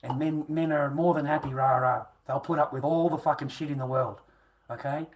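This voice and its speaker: A man's voice: fairly high pitch, steady tone, a little fast, poor audio. A man ranting to camera in a coarse, repetitive way, swearing freely.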